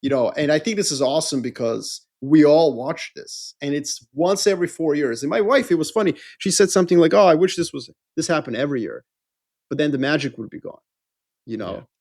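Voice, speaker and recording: A man's voice: a little high, animated, brisk, a little mellow. A middle-aged man co-hosting a podcast in a casual, rambling, jokey chat. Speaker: podcast co-host.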